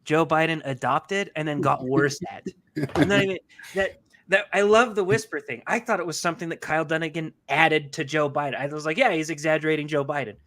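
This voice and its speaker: A man co-hosting a podcast, chatting casually in an animated, jokey way and quoting people in mock voices. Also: fairly high pitch, fairly quick. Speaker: podcast co-host. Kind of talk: casual chat.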